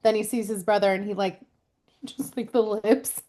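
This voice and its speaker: Woman co-host in her 30s, casual chat, animated and laugh-prone storyteller. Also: a little high, unhurried. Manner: animated storyteller, laughs often, many fillers. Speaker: podcast co-host.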